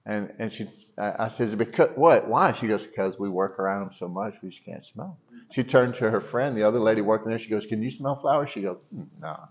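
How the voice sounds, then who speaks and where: A man's voice: fairly low pitch, quick pace, lo-fi sound. A middle-aged man preaching in church, telling a long personal story with many restarts and asides. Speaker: pastor. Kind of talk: sermon.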